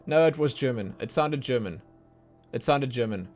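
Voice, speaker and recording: A man chatting excitedly and thinking aloud while he streams himself playing a video game. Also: mid-range voice, moderate pace. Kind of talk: casual let's play commentary.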